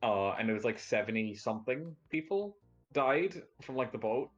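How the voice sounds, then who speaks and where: A man's voice: mid-range voice, animated, moderate pace, dull audio, soft background music. A man in casual group chat on a stream, telling a rambling anecdote full of fillers and restarts.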